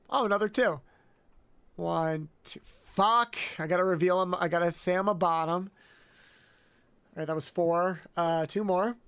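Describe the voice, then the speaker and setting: A man streaming a video game live, chatting with viewers, excitable and prone to swearing and yelping outbursts. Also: high-pitched, clear, resonant tone.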